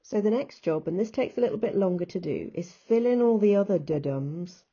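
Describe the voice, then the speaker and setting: A woman's voice: medium pitch, expressive, a little fast, warm tone, slightly rough, dull audio. A woman with an English accent, teaching a recorded lesson and patiently talking through examples step by step.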